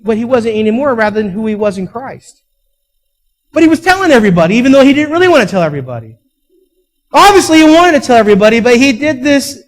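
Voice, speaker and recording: A man's voice: very high-pitched, rough recording. A man preaching a sermon as pastor, telling stories with emphatic peaks and acting out quoted voices. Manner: storytelling, acts out quoted voices; emphatic, rising to loud peaks.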